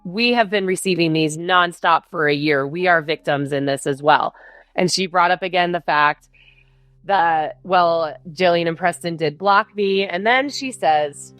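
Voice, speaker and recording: A woman's voice: lowish voice, a little slow, a bit bright, dry recording, soft background music. A middle-aged woman, a podcast guest, retelling a family ordeal with intensity and quoting the heated quarrels. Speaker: guest telling her story. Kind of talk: podcast interview storytelling.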